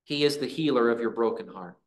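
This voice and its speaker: A man preaching a sermon in a church, earnest, with dramatic pauses and voiced prayers. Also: medium pitch. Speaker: pastor.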